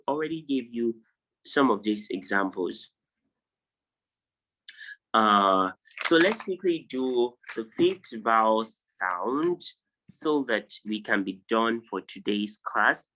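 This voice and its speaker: A man's voice: lowish voice, bright, forceful tone, low-quality recording. A man teaching an online class, reading out word lists and stressing and repeating each pronunciation. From Nigeria. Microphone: video call.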